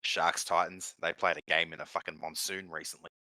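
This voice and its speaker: A man's voice: low-pitched, level tone, brisk, pushed and bright, no echo, poor audio. A man co-hosting a casual sports podcast, teasing and blunt in a wry way. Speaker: podcast co-host. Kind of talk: casual sports chat while watching a game.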